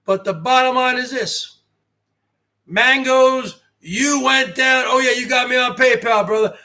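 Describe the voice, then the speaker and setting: High bright-voiced guy in his 40s ranting on his stream, swearing, goes quiet then yells. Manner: brash, boastful, swearing, swings from quiet to shouting. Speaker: host. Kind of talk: livestream rant.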